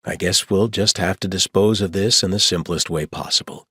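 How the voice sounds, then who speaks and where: A man's voice: sits low, moderate pace, pushed and bright, husky, dry recording, clean studio sound, heavily acted. A man voicing a good-humored grown man who jokes with mock seriousness, in an audiobook reading. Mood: wry.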